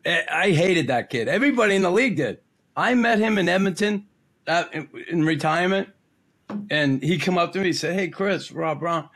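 A man's voice: sits high, expressive, fairly quick, a bit bright. A man hosting a podcast, chatting casually and repeating his points for emphasis. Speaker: podcast host. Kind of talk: casual chat.

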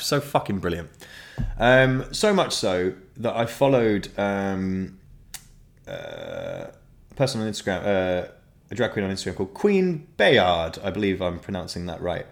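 A man's voice: low-pitched, big pitch swings, moderate pace, vocal fry. A young man talking casually and frankly, swearing often and rambling with restarts as he shares his thoughts. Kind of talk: casual monologue.

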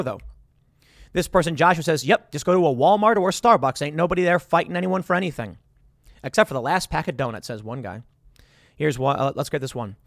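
A man's voice: fairly high pitch, a bit bright, no echo, studio quality. A man delivering an argumentative opinion monologue as a political commentator, reading out posts and reacting to them emphatically.

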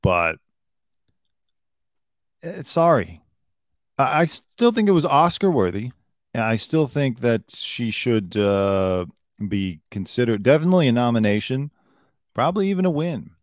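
A man's voice: mid-range voice, expressive, a little slow, long pauses, no room sound, clean studio sound. A man hosting a live news commentary show, blunt and opinionated, swearing freely and swinging between emphatic outbursts and muttered asides. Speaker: show host.

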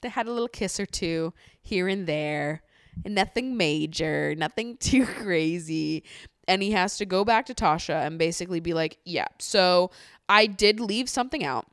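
Blunt, low-voiced woman podcaster. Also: moderate pace, clear, resonant tone, no echo, studio quality. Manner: candid and blunt, swears freely, laughs often. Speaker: podcast host. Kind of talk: casual chat recapping a reality show.

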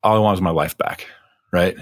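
Man, very low voice, husky, dry close sound, rambling casual storyteller. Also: a little fast, dry recording. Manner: rambling, animated storyteller with many fillers.

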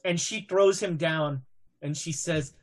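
A woman's voice: deep voice, unhurried. A woman narrating a tabletop game as game master, hesitant and full of fillers.

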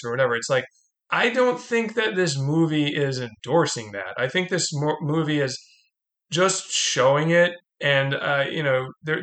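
Middle-aged guy hosting a movie podcast, kinda high voice, animated, talks casually. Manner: animated, acts out movie quotes. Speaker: podcast host. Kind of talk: casual film discussion.

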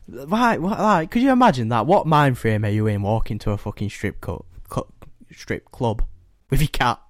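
A man's voice: mid-range voice, animated, moderate pace, no echo, clean studio sound. A young man co-hosting a podcast, laughing often, incredulous and swearing in casual banter. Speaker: podcast co-host.

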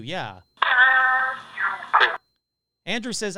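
A man hosting a casual live stream who reads listener stories aloud and reacts with loud, swearing exclamations. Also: high voice, big pitch swings, a little slow, long pauses, background noise.

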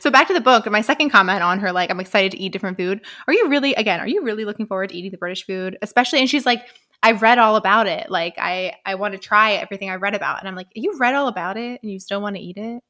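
A woman co-hosting a casual book podcast, chatting wryly with quick, joking asides. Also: medium pitch, lively intonation, sharp tone. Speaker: podcast co-host. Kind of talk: casual book-club chat.

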